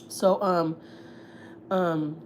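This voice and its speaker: A woman's voice: on the low side, fairly even intonation, extremely slow, a little mellow, a little hiss or hum. Heated, profane woman telling gossip. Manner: blunt, heated and profane, with lots of fillers. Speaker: family vlogger on a livestream. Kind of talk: casual storytelling, gossip.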